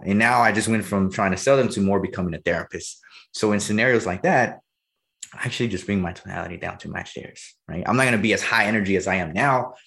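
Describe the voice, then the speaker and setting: A man in his early twenties, a salesperson talking in a casual conversation, energetic and animated, laughing often. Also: sits low. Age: early 20s.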